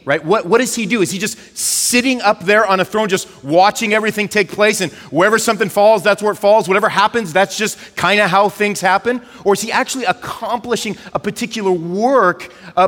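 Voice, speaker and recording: A male pastor, giving a conversational, animated sermon and leaning on filler words. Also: high voice, big-room sound.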